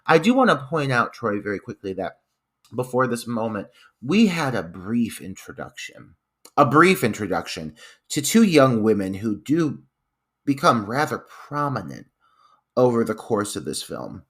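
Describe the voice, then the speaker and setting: Animated, joking male podcast co-host. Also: mid-range voice, moderate pace. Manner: animated, jokey, laughs often. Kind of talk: casual film review chat.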